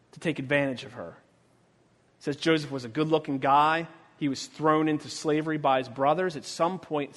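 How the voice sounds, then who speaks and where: A man preaching a sermon as pastor, telling stories with humor and acting out the quotes, his voice swinging from quiet to loud. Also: on the high side. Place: church sanctuary. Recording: long church reverb.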